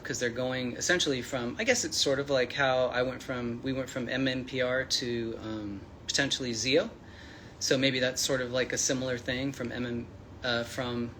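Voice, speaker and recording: A man talks casually to his viewers on a livestream, friendly and rambling, full of fillers and restarts. His voice sounds bright. A faint room hum sits under the webcam-style recording. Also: mid-range voice. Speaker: livestream host answering chat.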